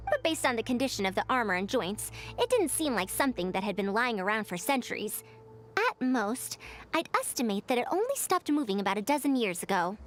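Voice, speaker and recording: An actress playing a proud, sharp-minded female scholar of old machines in a video game, measured, confident and a bit formal. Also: fairly high pitch, big pitch swings, slight background noise. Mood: curious.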